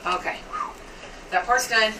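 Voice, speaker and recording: A woman's voice: on the high side, unhurried, background noise. A woman chatting casually as she cooks, rambling and a little squeamish about raw meat. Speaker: home cook vlogger. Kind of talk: casual cooking chat. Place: home kitchen. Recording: distant mic with kitchen clatter.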